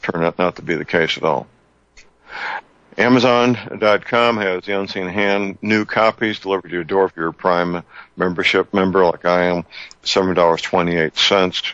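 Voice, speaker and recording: Deep-voiced older radio host. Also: male voice, fairly even intonation, a bit bright, dry recording. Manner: slow, deliberate, repeats numbers. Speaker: radio talk show host. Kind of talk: talk radio monologue and call-in. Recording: muffled lo-fi radio broadcast.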